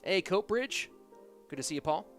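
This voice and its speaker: Man, esports caster, live commentary, chatty, slightly high voice, music underneath. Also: expressive, normal speed. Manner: chatty, reads and answers chat while casting.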